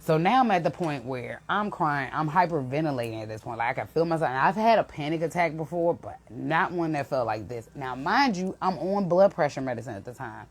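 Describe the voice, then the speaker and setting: A young woman, an intuitive reader, telling an emotional story to her viewers in a casual, animated way. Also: deep voice, brisk, hardly any pauses.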